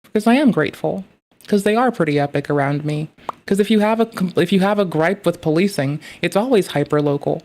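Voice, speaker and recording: A woman's voice: on the low side, expressive, fairly quick, darkish tone, slight background noise. Woman streamer, casual reaction commentary, sarcastic and sweary, rambling delivery.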